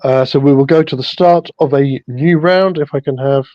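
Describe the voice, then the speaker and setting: A man narrating as the storyteller of a tabletop game, relaxed and full of fillers. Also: medium pitch, moderate pace, no room sound. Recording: dull lo-fi sound.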